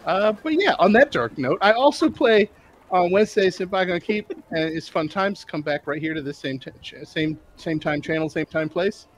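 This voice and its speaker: A man's voice: sits high, lively intonation, normal speed, a little hiss or hum. Rambling man at a game table. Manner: rambling, drifting off topic. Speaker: player. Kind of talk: casual chat at a tabletop game.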